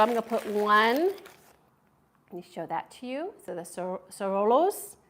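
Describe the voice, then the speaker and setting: A woman's voice: medium pitch, a bit bright, slight background noise. A woman hosting a casual live-stream food review at home, chatty and enthusiastic as she reads viewer comments aloud. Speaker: food vlogger.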